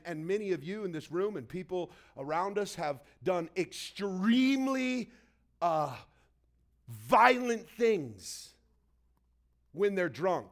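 High-voiced man preaching a conversational sermon. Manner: storytelling, conversational, acts out quotes. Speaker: pastor. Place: church hall.

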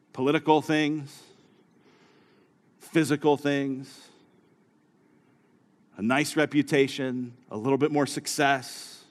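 A male pastor preaching a sermon who moves from quiet storytelling to raised, urgent exhortation. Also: medium pitch, level tone, takes it slowly, pauses often. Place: church hall. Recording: live sermon with long hall reverb.

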